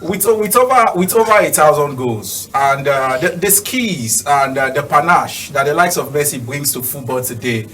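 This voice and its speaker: Male pundit, slightly high, hesitant, off-mic with faint noise. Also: animated, moderate pace, hardly any pauses, fairly bright tone, recorded from a distance, rough recording. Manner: hesitant, repeats words. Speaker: football pundit.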